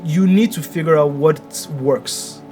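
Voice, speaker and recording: A man, co-hosting a casual panel chat, talking in an animated way, often laughing and restarting his sentences. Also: fairly high pitch, slow, over music. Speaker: podcast co-host.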